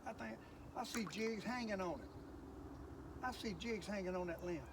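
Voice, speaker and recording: An older man with a drawl talks folksily as he fishes on a lake, his voice sitting high for a man. He keeps up a running chat and exclaims over every bite. Outdoor noise carries clearly under his voice. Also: moderate pace, pauses often. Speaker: fishing video host. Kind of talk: casual fishing commentary.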